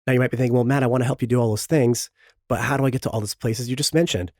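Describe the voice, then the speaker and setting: A man with a sore, hoarse throat, hosting and reading a podcast promo with joking, self-pitying asides. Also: medium pitch, fairly even intonation, racing, darkish tone, no room sound, clean studio sound. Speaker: podcast host.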